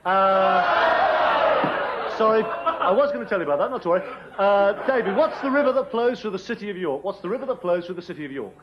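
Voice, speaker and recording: A man's voice: high voice, expressive, fast talker, a loud crowd. A man hosting a comic quiz show in front of a live audience, mock-insulting and flustered, ad-libbing as he goes. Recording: lo-fi 1980s TV broadcast, loud studio audience and noise.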